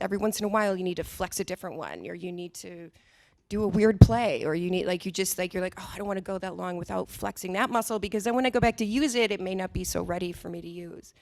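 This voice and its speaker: A woman speaking as an actress on a panel, answering in a chatty, rambling way with frequent laughs. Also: lowish voice.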